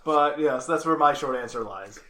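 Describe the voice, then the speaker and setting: A man's voice: mid-range voice, fairly quick, sharp tone, slight background noise. A man co-hosting a podcast, talking casually and self-critically about himself. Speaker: podcast co-host. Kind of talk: casual chat. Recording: roomy echo.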